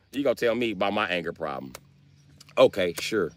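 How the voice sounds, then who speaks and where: A man's voice: medium pitch, normal speed, long pauses, dry recording. A man on a live stream telling profane, slangy comedic stories in a casual rant. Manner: profane, animated, slangy storytelling.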